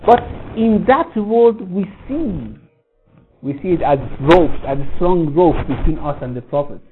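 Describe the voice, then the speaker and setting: A man giving a religious lecture, telling a story, halting often to restart and rephrase. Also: fairly high pitch, animated. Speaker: religious teacher. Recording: tinny phone-like line with faint noise.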